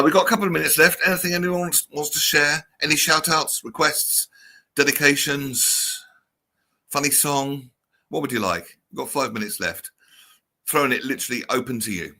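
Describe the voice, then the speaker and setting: A man's voice: medium pitch, moderate pace, pushed and bright. A man hosting a casual chat show, chatty and reading out viewer comments. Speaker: show host.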